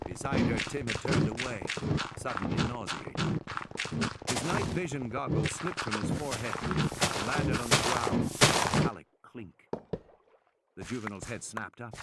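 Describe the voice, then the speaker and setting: A man reading a novel aloud with expressive, dramatic pacing, with loud gunfire behind. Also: medium pitch, heavy background noise. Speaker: audiobook reader.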